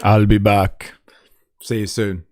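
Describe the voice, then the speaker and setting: A man's voice: fairly low pitch, level tone, takes it slowly, darkish tone, slight background noise. A man hosting a livestream, giving sarcastic, laughing commentary over news clips. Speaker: livestream host.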